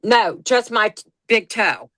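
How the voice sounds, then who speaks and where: A woman's voice: fairly high pitch, lively intonation, takes it slowly, sharp tone, no echo. A middle-aged woman in a casual group discussion, animatedly telling a story about her time as a patient and acting out the quotes. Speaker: guest sharing her experience as a patient.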